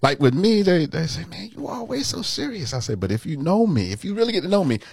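A pastor hosts a relaxed interview, folksy and quick to laugh. His man's voice swings widely in pitch. The recording is dry and close. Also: no echo. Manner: animated, folksy, laughs with guest. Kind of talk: casual interview.

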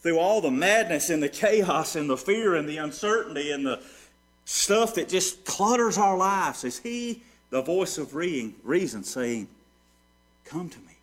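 A man preaching a sermon, moving from hushed storytelling to ringing rhetorical questions that he answers himself. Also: a little high, lively intonation, unhurried. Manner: preaching with sweeping swings between soft and loud. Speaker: pastor.

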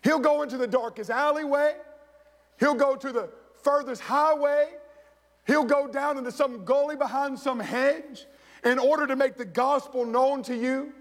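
A man's voice: very high-pitched, steady tone, moderate pace. A man preaching a sermon as pastor, telling stories and acting out the voices of the people in them. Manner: storytelling preacher, acts out quoted voices. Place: church sanctuary. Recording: echoey church hall.

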